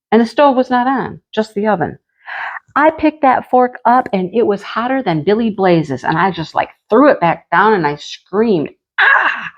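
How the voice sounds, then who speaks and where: Woman vlogger, mid-range voice, rambling homespun chat, lo-fi home recording. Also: mid-range voice. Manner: rambling, chatty storytelling with frequent "you know". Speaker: craft channel host. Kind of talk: casual chat while diamond painting.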